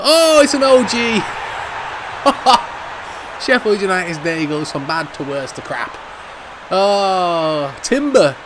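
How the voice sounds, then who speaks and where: A middle-aged man with a Jamaican accent, giving excitable, laughing commentary over a football video game. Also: medium pitch, noisy background. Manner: excitable, laughs often, drawn-out shouts over goals. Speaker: gaming commentator. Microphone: studio microphone.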